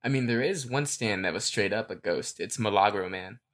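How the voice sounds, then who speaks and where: A man co-hosting a podcast, talking through fan theories in a relaxed, rambling way with lots of fillers. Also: fairly low pitch, fairly quick. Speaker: podcast co-host. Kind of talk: casual fan theory chat.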